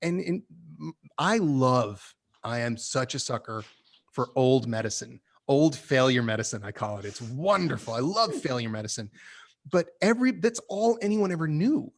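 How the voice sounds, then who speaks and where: Animated man critiquing a script. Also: medium pitch, moderate pace. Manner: animated, opinionated, laughs often. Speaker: podcast host reviewing a screenplay. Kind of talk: casual critique chat.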